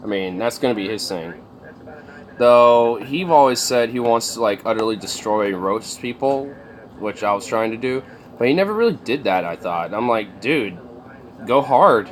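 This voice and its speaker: A man's voice: fairly low pitch, animated, normal speed. A man chatting casually on a livestream, rambling and swearing, with lots of fillers. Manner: rambling, profane, many fillers.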